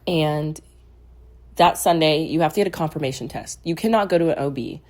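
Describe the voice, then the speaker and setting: A woman in her twenties casually telling a personal story, getting animated and loud as she retells being irritated. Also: brisk. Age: 20s. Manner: animated, gets loud and high when retelling anger. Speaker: vlogger.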